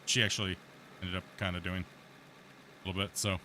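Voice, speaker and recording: A deep-voiced man hosts a live stream, talking fairly quickly over slight background noise. In casual voice chat he spins a long, rambling, animated story packed with fillers and restarts.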